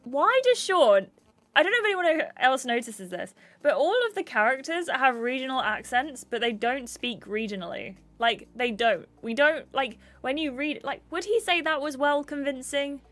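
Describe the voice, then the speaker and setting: A woman's voice: sits high, expressive, moderate pace, hardly any pauses, a bit bright. Chatty woman streamer. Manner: chatty, giggly, reads game text aloud. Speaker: gaming streamer. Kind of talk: livestream game playthrough, reading aloud.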